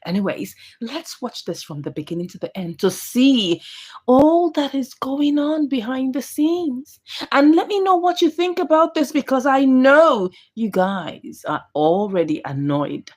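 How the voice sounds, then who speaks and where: A woman recapping a drama film for viewers, scolding the characters in animated, exclamatory commentary. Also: sits high, a little slow. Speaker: movie reviewer.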